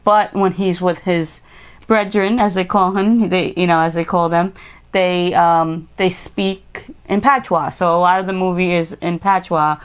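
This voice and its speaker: A woman's voice: on the low side, steady tone, measured pace, smooth. A woman co-hosting a casual podcast, retelling film plots in a chatty, rambling way. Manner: chatty, rambling movie recaps. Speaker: podcast co-host. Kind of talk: casual chat.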